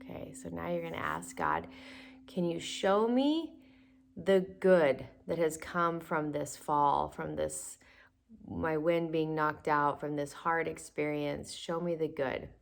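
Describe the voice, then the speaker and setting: A woman leads a guided evening prayer, her low voice carrying a gravelly edge. She speaks slowly and soothingly, coaxing listeners along with gentle repetition and audible sighing breaths. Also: animated, slight background noise.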